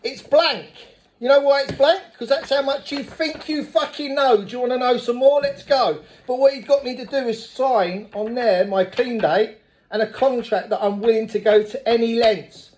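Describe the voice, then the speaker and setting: High-voiced blunt man. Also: moderate pace, a little hiss or hum. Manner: blunt, swears freely; lively storyteller. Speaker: speaker at a recovery meeting. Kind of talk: personal recovery testimony.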